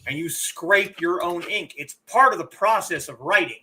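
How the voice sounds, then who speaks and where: A man's voice: high-pitched, moderate pace, sharp tone, slight background noise. A middle-aged man casually bantering with his chat while livestreaming a game. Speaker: livestream gamer.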